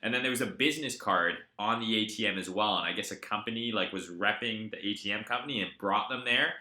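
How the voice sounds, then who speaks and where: Profane, bright-voiced crypto stream host. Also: male voice, on the low side, fast talker, roomy sound. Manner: profane, animated storyteller. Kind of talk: casual live-stream chat.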